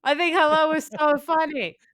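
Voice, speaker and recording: Animated woman guest, giggly and self-mocking, dry close-mic sound. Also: high voice, normal speed, no room sound. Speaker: podcast guest. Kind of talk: casual comedy chat.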